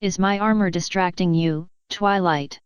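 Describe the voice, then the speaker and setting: A woman's voice: on the low side, steady tone, unhurried, clear, resonant tone, dry recording, highs cut off, close to an everyday voice. A woman voicing a regal, once-warlike pony princess who speaks formally, in a storybook reading. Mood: gentle. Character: stern warrior pony princess, commanding yet tender.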